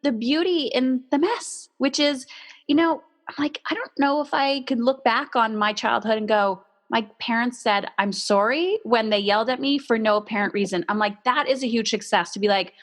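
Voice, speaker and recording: A woman's voice: a little high, normal speed, fairly bright tone. A woman hosting a casual podcast interview, speaking openly about her own experiences. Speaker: podcast host.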